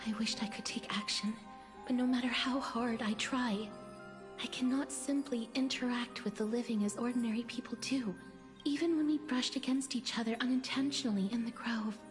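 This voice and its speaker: Woman doing a cursed girl in whispered role-play, breathy and resigned, kinda high, long echo tail, music under it. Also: steady tone, normal speed, close to an everyday voice. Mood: sorrowful. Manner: soft, mournful, resigned. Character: sorrowful young woman cursed with a deadly touch. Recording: long game reverb with music beneath.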